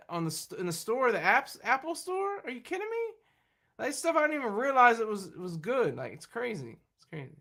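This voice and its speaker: Bright, high-voiced rambling streamer man. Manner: chatty and rambling, laughs often, many restarts. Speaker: livestream host. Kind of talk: rambling live-stream chat. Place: at home at his computer.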